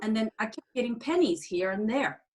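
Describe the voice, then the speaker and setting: A woman telling a personal story in a casual group chat, halting and often restarting her sentences, with non-standard grammar. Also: on the high side, expressive, a little mellow. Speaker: group participant sharing a story.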